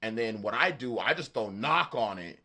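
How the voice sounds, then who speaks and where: A man with a Southern accent hosting a beat-making livestream, chatting casually in a halting, rambling way and swearing freely. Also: fairly low pitch, lively intonation, sharp tone. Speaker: beatmaker livestream host. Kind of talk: casual live-stream chat.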